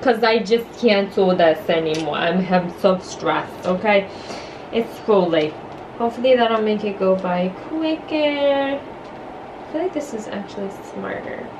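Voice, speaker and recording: A woman's voice: mid-range voice, animated, unhurried, noisy background. A young woman vlogging casually about her art shop, bubbly and rambling, gushing and giggling with many fillers. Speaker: artist and small business vlogger. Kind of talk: casual vlog narration.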